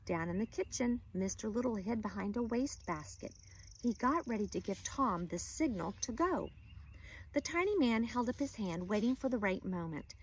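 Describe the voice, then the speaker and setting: A woman teacher reading a children's chapter book aloud, expressive and engaging. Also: fairly high pitch, moderate pace, slightly rough. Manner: expressive storyteller.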